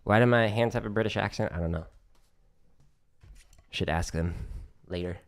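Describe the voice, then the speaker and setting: A man's voice: fairly low pitch, moderate pace, slight background noise. A man casually explaining drum exercises on his practice livestream, chatty and joking as he goes.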